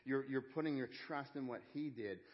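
A man's voice: mid-range voice, moderate pace, dull audio. Earnest man preaching a sermon. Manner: earnest, conversational preaching with repeated phrases and restarts. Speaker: pastor.

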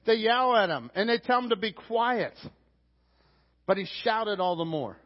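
A pastor with a Pittsburgh accent preaching a sermon, animated, acting out shouted lines from the text. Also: male voice, high voice, measured pace. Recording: dull sound with long hall reverb.

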